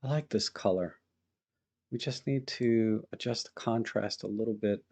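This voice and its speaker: A man hosting a live photo-editing stream, thinking aloud in a relaxed, chatty way as he works and greets viewers in the chat. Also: on the low side, moderate pace, gravelly.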